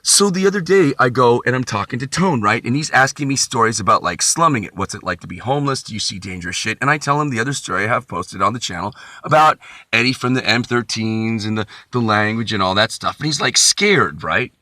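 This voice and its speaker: A man's voice: mid-range voice, animated, fairly quick, bright, forceful tone, dry recording. A man vlogging, telling a rambling, profane comic story with frequent asides.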